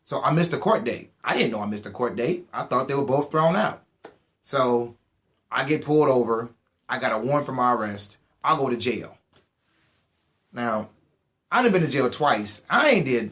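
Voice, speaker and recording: A young man, giving a casual and animated personal testimony and acting out the dialogue. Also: mid-range voice, normal speed. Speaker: testimony speaker.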